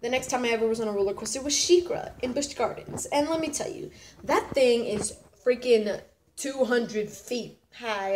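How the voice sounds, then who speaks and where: A woman's voice: on the high side, darkish tone, slight background noise. Bubbly rambling nineteen-year-old woman. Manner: bubbly and rambling, with lots of restarts and "freaking". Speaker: vlogger. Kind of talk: casual vlog chat.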